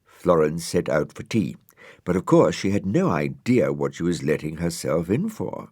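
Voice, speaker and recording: A man narrating a children's storybook in a gentle, wry manner. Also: low voice, very animated, moderate pace, no echo, clean studio sound.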